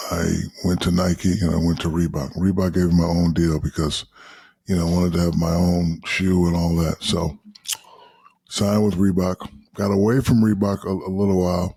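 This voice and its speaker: Podcast guest, man in his fifties, very low gravelly voice, loose and profane. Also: dry recording. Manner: profane, animated storytelling with quoted asides. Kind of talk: casual storytelling.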